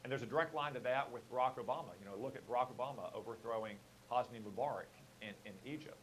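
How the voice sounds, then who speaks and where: A man speaking as a political guest in a radio interview, arguing his points in a measured way with frequent fillers. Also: mid-range voice, fairly bright tone, slight background noise, rough recording.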